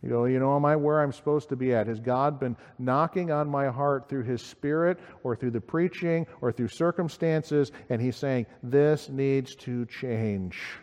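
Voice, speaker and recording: A man's voice: moderate pace, few pauses. Earnest preaching man in a hall. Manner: earnest, rising emphatically then dropping low and quiet. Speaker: pastor. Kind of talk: sermon. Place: church sanctuary.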